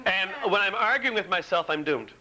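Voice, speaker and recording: A man's voice: high voice, animated, a little fast, pushed and bright, rough recording. A man giving a candid, self-mocking recovery talk at a retreat, acting out his own inner argument as he tells the story, recorded on an old tape. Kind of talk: personal recovery talk to a live audience. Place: retreat meeting room. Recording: old tape with faint hiss.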